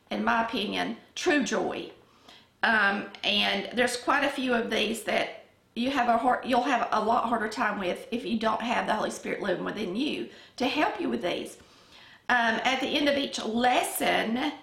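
A middle-aged woman with a Southern accent leading a casual Bible lesson, talking in an unhurried, conversational way with frequent ums. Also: on the high side, vocal fry, fairly bright tone. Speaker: Bible study teacher. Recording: echoey room.

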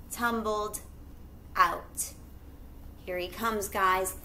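A woman teacher reading a picture book aloud to children, pausing to ask them questions. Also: medium pitch, expressive, pushed and bright. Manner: pauses to ask listeners questions.

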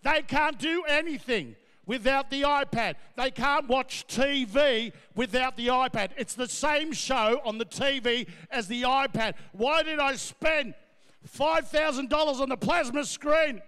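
A middle-aged man doing brash, loud stand-up as MC at a gala. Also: extremely high pitch, clear, resonant tone. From Australia. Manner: brash, loud, rapid riffing. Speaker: comedian and MC. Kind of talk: stand-up comedy. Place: large gala ballroom. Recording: echoey ballroom, long reverb.

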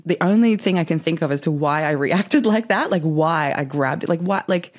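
A woman's voice: sits low, expressive, moderate pace. A young woman telling a story in a rambling, casual way, swearing freely and saying "like" constantly. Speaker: vlogger.

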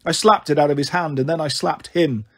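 A man narrates a children's novel in a steady first-person telling. His voice sits high for a man and has a husky, slightly rough texture. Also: brisk. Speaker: storybook reader. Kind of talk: storybook narration.

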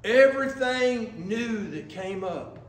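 A man doing a high-pitched old churchman, slow and emphatic, echoey church from afar. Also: animated, distant mic. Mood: confessing. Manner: slow, emphatic, rising to shouts. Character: stubborn old man in his eighties, church elder.

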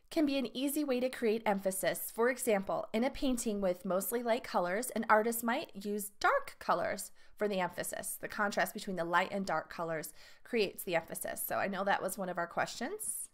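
A woman's voice: mid-range voice, normal speed. Woman teacher reading art lesson aloud. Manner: reads questions and answer choices aloud, adds asides to students.

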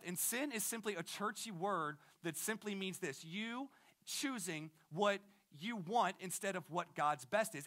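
A man in his thirties preaching a sermon, casual and energetic, with slang and frequent restarts. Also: sits high. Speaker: pastor.

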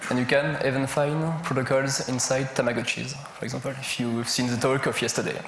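A man with a French accent giving a technical conference talk, halting as he searches for words and lists examples. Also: medium pitch, level tone. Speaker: conference speaker. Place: large conference hall. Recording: echoey lecture hall with a faint hum.

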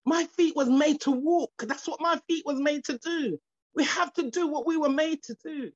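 Fervent high-voiced woman preaching over a video call. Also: moderate pace, dry recording. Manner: fervent, repetitive, stumbling restarts, rising into exclamations. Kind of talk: sermon. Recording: dull lo-fi video call audio.

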